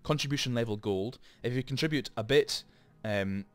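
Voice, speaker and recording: A man's voice: medium pitch, normal speed, no room sound. A man hosting a let's play, chatting and rambling through explanations with lots of asides, into a desk microphone. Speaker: gaming channel host.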